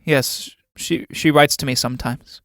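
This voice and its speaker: A man's voice: medium pitch, steady tone, fairly bright tone, no echo, clean studio sound. Man playing a timid young man. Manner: hesitant, halting replies.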